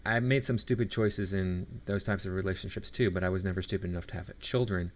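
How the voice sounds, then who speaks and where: Low-voiced sarcastic male commentator. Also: steady tone, a little fast. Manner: sarcastic, scornful. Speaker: commentator reacting to a video. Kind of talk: reaction commentary.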